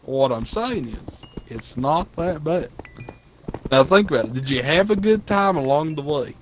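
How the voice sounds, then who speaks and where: A man's voice: fairly high pitch, lively intonation, unhurried, a little hiss or hum. A young man co-hosting a podcast, needling his friend in casual chat. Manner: teasing, needling. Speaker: podcast co-host.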